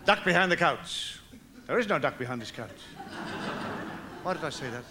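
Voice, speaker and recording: A man doing live stand-up comedy, rambling with absurd quick asides. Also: fairly high pitch, expressive. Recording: noisy live stage recording.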